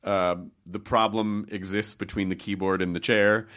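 A man's voice: on the low side, level tone, normal speed, fairly bright tone. A man, a touring stand-up comedian, chatting casually in a rambling, self-deprecating way.

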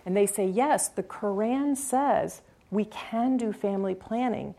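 A woman's voice: medium pitch, unhurried. A woman speaking earnestly at a public talk, answering an audience question with a long story. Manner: earnest, animated when retelling encounters, fillers like "um, so".

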